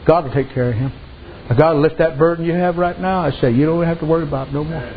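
This preacher's voice sits a little high, and he talks fast over slight background noise. His sermon unfolds as folksy storytelling in dialect, peppered with repeated "amen" and "I said." Audio quality is dull and lo-fi.

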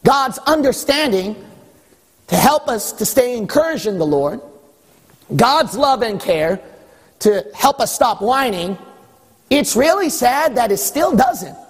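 High, husky preacher in a reverberant hall. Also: male voice, sing-song, takes it slowly. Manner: exhorting, rhetorical questions, wry. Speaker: pastor. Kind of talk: sermon.

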